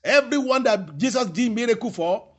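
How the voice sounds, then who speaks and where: A man preaching a sermon, repeating his phrases and stressing them slowly. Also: extremely high pitch, lively intonation, fairly bright tone.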